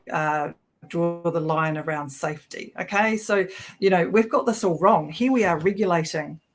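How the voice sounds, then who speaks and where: Chatty sarcastic woman with a kiwi accent. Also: fairly low pitch. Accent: New Zealand. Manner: chatty, sarcastic, restarts sentences. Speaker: co-host of political livestream. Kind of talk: casual political talk show.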